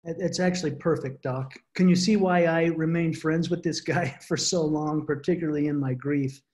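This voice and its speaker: A man telling a personal story to a support group, earnest and halting, often restarting his words over a video call. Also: on the high side, steady tone, a little mellow. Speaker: guest speaker.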